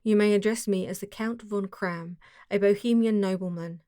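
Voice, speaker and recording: A woman reading the part of a masked foreign nobleman, formal and guarded, with a deep, harsh voice and a German accent. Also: fairly even intonation, moderate pace, warm tone, no room sound, studio quality, close to an everyday voice. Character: masked foreign nobleman, giant, haughty and secretive.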